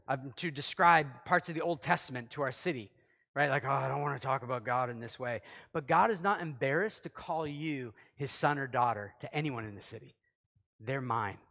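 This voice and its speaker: A man preaching in a loose, conversational way with a slightly high voice, shifting from loud to hushed as he acts out little exchanges. His words trail off into a long hall reverb. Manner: conversational, acts out quotes, swings loud and soft. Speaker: pastor. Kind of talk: sermon.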